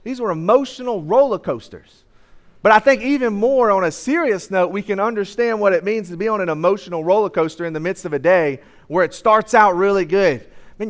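A young man preaching to a church congregation, his voice pitched noticeably high. He talks loosely and conversationally, with plenty of "uh"s between thoughts. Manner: casual conversational preaching with many fillers. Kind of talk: sermon. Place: church sanctuary.

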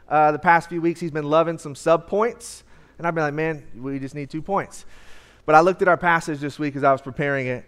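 A young man preaching to a church congregation, his voice pitched noticeably high. He talks loosely and conversationally, with plenty of "uh"s between thoughts. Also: a bit bright, smooth. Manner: casual conversational preaching with many fillers. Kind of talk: sermon. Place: church sanctuary.

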